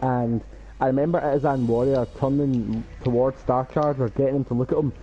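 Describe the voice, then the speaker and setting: A man's voice: mid-range voice, steady tone, brisk, muffled recording. A man in a casual gaming chat, hesitant with many fillers and chuckles.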